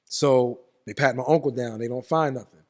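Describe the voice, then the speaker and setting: A man being interviewed, telling a story with animated profanity and acting out what people said. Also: mid-range voice, normal speed. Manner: animated, profane, acts out quotes. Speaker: guest.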